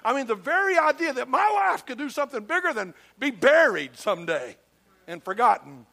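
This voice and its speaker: A man's voice: very high-pitched, big pitch swings, a little fast, vocal fry, sharp tone. An older man from Georgia with a Southern accent, preaching a sermon in a folksy, emphatic storytelling manner with humor. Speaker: pastor.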